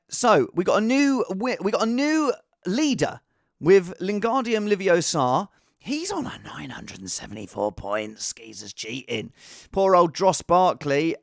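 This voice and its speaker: A man hosts a casual show, rambling along in an animated, self-mocking way. His fairly high voice swings up and down constantly. The sound is dry and close-miked. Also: gravelly, no echo. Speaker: host. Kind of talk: casual chat about fantasy football.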